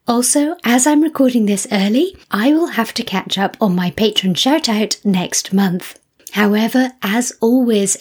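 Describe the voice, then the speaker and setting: Husky-voiced woman hosting a podcast. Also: fairly high pitch, darkish tone. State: low energy. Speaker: podcast host. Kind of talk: solo podcast talk.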